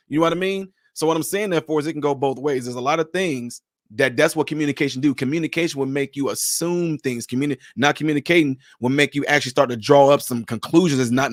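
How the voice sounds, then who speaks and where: A man's voice: medium pitch, no room sound, studio quality. A man, casually giving relationship advice on a podcast panel and acting out bits of dialogue as he tells stories. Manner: animated storyteller, acts out dialogue in other voices.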